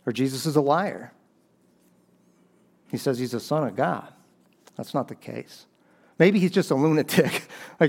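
A man with a high, light voice preaching a sermon. He explains scripture in an earnest, conversational way, often restarting his phrases as he talks. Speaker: pastor.

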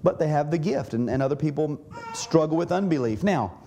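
A man's voice: on the high side, lively intonation, fairly quick, mellow, a little hiss or hum. A man preaching a sermon in a church, earnest, often restarting and repeating words as he teaches. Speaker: pastor.

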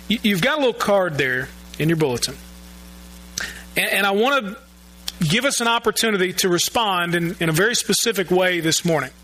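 A man's voice: high-pitched, bright, forceful tone, poor audio. A male pastor giving a sermon in a church, earnest and often repeating words as he searches for his phrasing. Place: church sanctuary.

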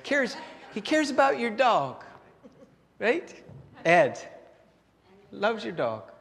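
A male pastor with a notably high voice preaches in a chatty, conversational style, stumbling over and repeating words as he goes. He keeps asking his congregation rhetorical questions. His voice carries a long reverb from the church hall. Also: huge pitch swings, slow pace, vocal fry, fairly bright tone. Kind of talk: sermon.

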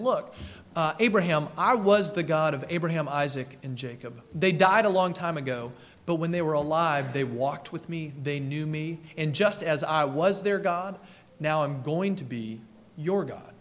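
A man preaching a sermon as pastor, telling the story in a conversational way and acting out the quoted voices. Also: a little high.

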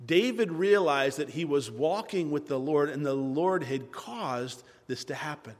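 A male preacher giving a sermon, retelling scripture with animated exhortation. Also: fairly high pitch, a little slow. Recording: long hall reverb.

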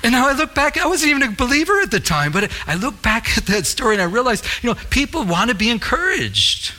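A man's voice: very high voice, very animated, fast talker, pushed and bright, slight background noise. A middle-aged man, a pastor, preaching an earnest sermon, repeating his phrases and telling stories along the way.

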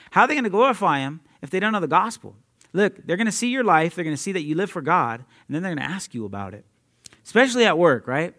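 A young adult man preaching a sermon in an energetic, conversational way, laughing often and talking straight to his listeners. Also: sits high, fast talker. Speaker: preacher at a youth ministry.

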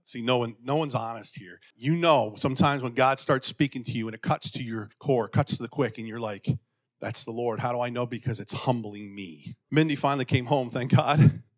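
A pastor telling a personal story from the pulpit, acting out voices in a raised pitch and sinking to quiet, intimate passages. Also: male voice, moderate pace. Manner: animated, acts out quotes in a raised pitch. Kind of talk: sermon storytelling.

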